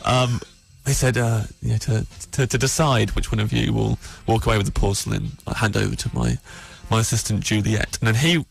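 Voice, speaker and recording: A man's voice: on the low side, fairly even intonation, creaky. Rambling man with English Midlands accent. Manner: rambling, halting storytelling with frequent fillers and self-interrupting restarts. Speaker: comedian guest telling a story. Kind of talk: radio comedy anecdote.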